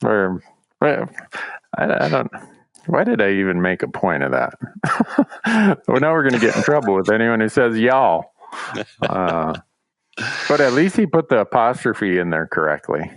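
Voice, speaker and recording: A man's voice: lowish voice, sing-song, moderate pace, vocal fry, long pauses, no echo. A man co-hosting a podcast in casual chat, laid-back and chuckling often. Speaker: podcast co-host.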